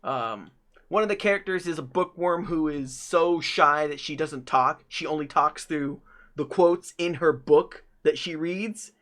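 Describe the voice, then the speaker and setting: A man running a tabletop game as game master, animated and rambling. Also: a little high, a little slow. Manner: animated, rambling, laughs often.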